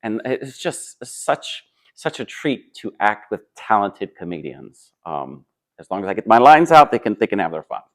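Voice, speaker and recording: A man who acts on stage answers interview questions in a relaxed, thoughtful way, pausing often with fillers and restarting his sentences. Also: fairly low pitch. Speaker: stage actor.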